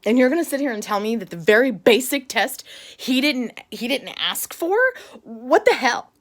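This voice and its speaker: A woman's voice: on the high side, expressive, moderate pace. A middle-aged woman vlogging about a hard day, tearful and upset, talking in bursts with nervous laughs. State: tearful after crying. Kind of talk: emotional personal vlog.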